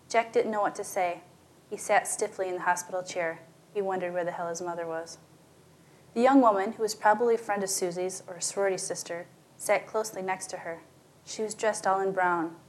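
A woman narrates a story at an even middle pitch. She reads at a steady pace and lifts her voice in pitch and volume whenever a character speaks. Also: fairly quick. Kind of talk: audiobook story reading.

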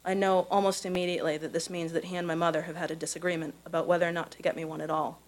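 A woman from Missouri reading her own personal essay aloud at a live event, in a measured storytelling voice. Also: lowish voice, level tone, low-quality recording. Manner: measured, careful storytelling delivery. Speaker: contest winner reading her own prose.

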